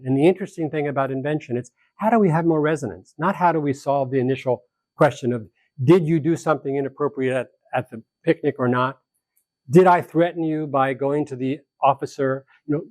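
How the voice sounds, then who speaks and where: A man speaking as a conflict mediator at a seminar, telling a story with animated energy and acting out the people in it. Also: fairly high pitch, no echo. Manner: animated, acts out quoted dialogue in the story. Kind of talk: storytelling lecture to a live group.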